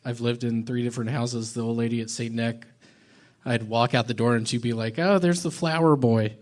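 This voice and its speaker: A man in his thirties doing a halting, deadpan stand-up set with odd pauses on a comedy club stage. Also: mid-range voice. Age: 30s.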